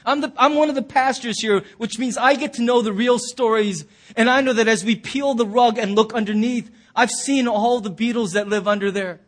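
Very high-voiced male pastor preaching. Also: moderate pace, hardly any pauses. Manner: animated storytelling, acting out quoted voices. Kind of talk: sermon. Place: church sanctuary.

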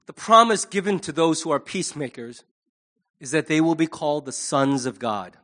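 A middle-aged man preaching a sermon as pastor, animated, acting out quoted voices. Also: fairly high pitch, moderate pace.

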